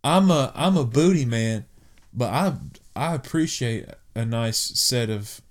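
A man's voice: medium pitch, expressive, unhurried. Chill dude cohost, slangy, egging his buddy on. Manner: laid-back, slangy, eggs his partner on. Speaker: podcast co-host. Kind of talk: casual comedic banter.

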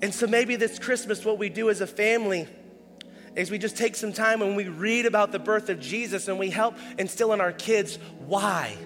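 A man preaching a sermon in a casual, animated way, often acting out quoted dialogue with a raised voice. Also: high-pitched, normal speed, big-room sound, soft background music. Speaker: pastor.

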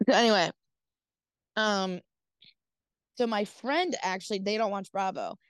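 A woman podcast host tells a story in loose, casual chat, stacking up "like" and "dude" and cursing offhandedly. Her voice sits at a middling pitch and is recorded dry and close, with no room sound around it. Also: a little slow, clear, resonant tone, no room sound. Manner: rambling, heavy use of "like" and "dude", swears casually.

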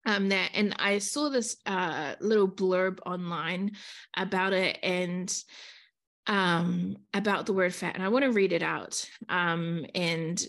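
A woman in her thirties speaks straight to her listeners in a casual, motivational podcast monologue. Her voice has a gravelly, fry-edged texture, and her words are earnest and frank, with plenty of swearing. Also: on the low side, takes it slowly, a bit bright. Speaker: podcast host.

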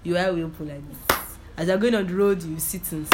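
A woman's voice: on the low side, steady tone, brisk, noisy background. A woman giving an informal sermon with personal testimony. She repeats herself for emphasis and keeps checking that listeners understand. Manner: repetitive, emphatic, often asks if listeners understand. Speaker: preacher.

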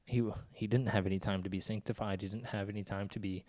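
A man co-hosting a podcast, talking casually about faith and often pausing to search for words. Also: on the low side, fairly even intonation, a little mellow. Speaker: podcast co-host.

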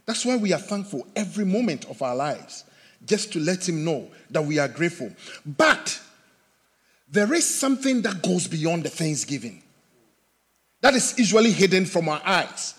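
A man pastor delivers a sermon in a husky, raspy voice. He swings from loud, urgent calls to hushed questions. The long reverb of a church hall trails after each phrase. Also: high voice. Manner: preaching with loud swells and soft drops. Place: church sanctuary.

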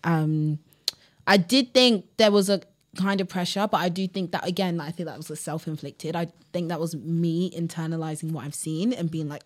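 A woman's voice: on the low side, normal speed. A woman guest actress in a casual podcast chat, speaking reflectively with trailing fillers.

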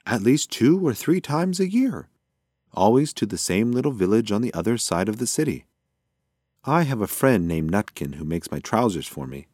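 A man's voice: fairly low pitch, big pitch swings, normal speed, darkish tone, no room sound, studio quality. A man voicing a playful, evasive older male mouse uncle with a cheerful, whimsical manner.

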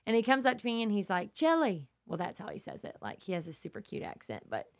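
A woman's voice: mid-range voice, very animated, fast talker, gravelly. A woman who is a mother and podcast host, teaching scripture in an earnest, emphatic, storytelling way that stays conversational. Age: young adult to middle-aged, mother of kids.

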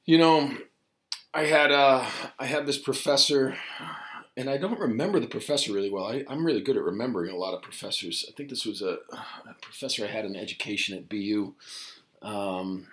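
A middle-aged man, a high school Spanish teacher, talking casually and reflectively to his students on a podcast, rambling with many fillers and restarts. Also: fairly quick, a bit bright. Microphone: home podcast mic.

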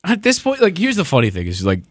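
Guy ranting on a sports podcast, pitch jumping all over, dry close mic, sarcastic and swearing. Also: huge pitch swings, quick pace, no room sound. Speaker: podcast co-host. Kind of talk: casual sports podcast rant.

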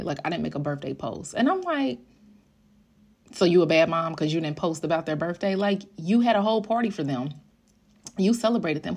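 A woman hosting her own podcast, talking candidly and casually, swearing freely and quoting her kids. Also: fairly low pitch. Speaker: podcast host. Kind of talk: casual solo podcast talk.

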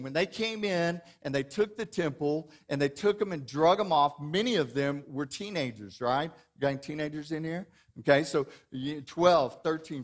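A man preaching a sermon to his church, talking in a conversational way and often asking the congregation questions. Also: a little high. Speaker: pastor. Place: church sanctuary.

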